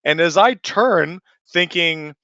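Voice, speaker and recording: Man in his forties, a swearing, rambling storyteller; slightly high, sharp-toned voice, dry and a bit muffled. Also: takes it slowly, dry recording. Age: 40s. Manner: profane, rambling storyteller full of fillers. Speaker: player telling a story. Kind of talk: casual anecdote.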